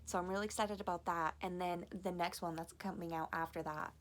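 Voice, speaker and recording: A woman book vlogger chatting casually, excitable and gushing, swearing freely and filling her talk with "like". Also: fairly low pitch, brisk, slight background noise. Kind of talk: casual vlog chat.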